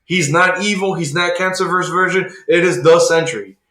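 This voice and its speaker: Speaking at a moderate pace with a high, fairly bright voice, a man co-hosting a podcast excitedly runs through a comic's plot. His casual, rambling recap is packed with "like" and false starts, and the room echoes noticeably.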